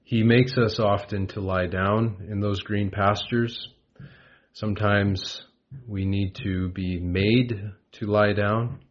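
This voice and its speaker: Male preacher, slow and gentle devotional delivery, dull lo-fi recording. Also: on the low side, fairly even intonation. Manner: gentle, unhurried, with frequent pauses and fillers. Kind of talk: devotional Bible talk.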